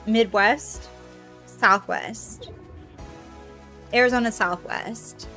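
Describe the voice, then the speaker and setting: Her voice sits a little high, with faint music in the background. While streaming a game, she chats loosely with viewers, swears quickly, stays excitable and lets out squealed greetings as people join.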